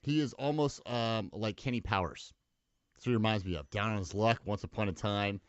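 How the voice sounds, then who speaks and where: A man's voice: on the low side, fairly quick, no room sound. A middle-aged man co-hosting a casual sports podcast, talking with enthusiasm and acting out characters when he tells a story. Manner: enthusiastic, acts out characters in quotes. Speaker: podcast co-host. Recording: dull, dry lo-fi podcast mic.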